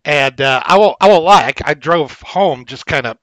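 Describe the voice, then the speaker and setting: A man's voice: on the high side, expressive, normal speed, a bit bright, dry recording. A man co-hosting a podcast through a headset mic, blunt and complaining, talking casually with swearing. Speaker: podcast co-host. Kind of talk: casual chat.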